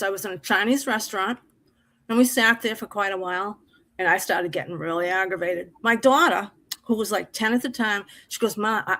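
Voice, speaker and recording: A woman's voice: mid-range voice, bright, forceful tone, low-quality recording. A middle-aged woman from Massachusetts, telling a personal story on an open mic stream in an emphatic, heartfelt, rambling way.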